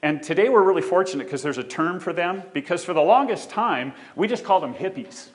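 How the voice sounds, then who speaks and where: A man's voice: high voice, brisk. A man giving a conference talk on a theater stage, joking with the audience and walking as he speaks. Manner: joking, animated, walks while speaking.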